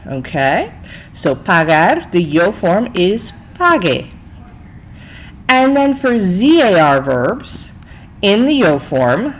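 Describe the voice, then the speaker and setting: Lively woman teacher explaining slides. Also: fairly low pitch, a little hiss or hum, rough recording. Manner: lively, chatty, explains step by step with frequent "okay?". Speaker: Spanish teacher. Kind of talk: recorded slide lesson narration.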